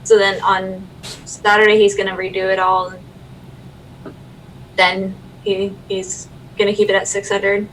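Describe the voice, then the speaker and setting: Bright chatty woman, slightly distant mic. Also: medium pitch, little pitch movement, a little hiss or hum. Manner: chatty, rambling, quick to laugh. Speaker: stream co-host. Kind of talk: casual chat on a livestream.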